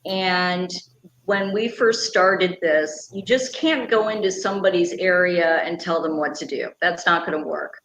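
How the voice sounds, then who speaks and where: A woman's voice: lowish voice, a little slow, fairly bright tone. A middle-aged woman being interviewed, talking earnestly and at length about her conservation work. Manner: earnest, passionate, explains at length. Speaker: guest, radio personality and conservation founder. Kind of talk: conversational interview. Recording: echoey room, faint background hum.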